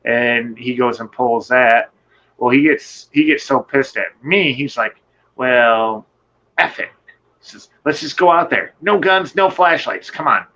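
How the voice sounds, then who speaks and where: A man recounts a nighttime encounter in a loose, rambling way, cursing freely and jumping into the voices of the people in his story. His tone is bright and forceful, and the sound is dull and lo-fi, like an online call. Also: medium pitch, a little slow. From Michigan. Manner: animated, rambling, swearing, acts out quotes. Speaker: guest telling an encounter story. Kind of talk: casual storytelling on a live show.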